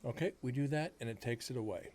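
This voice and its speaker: A fast-talking man in his forties, mid-range in pitch, hosts a paranormal show streamed live. He rambles casually, mocks himself, and talks right to the chat, while steady noise sits in the background.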